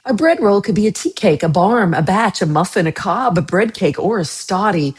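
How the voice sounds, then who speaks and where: A woman's voice: mid-range voice, animated, normal speed. Chatty American woman hosting a livestream. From United States. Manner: chatty, laughs often, trails off into mumbles. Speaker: livestream host. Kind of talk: casual livestream chat reading comments.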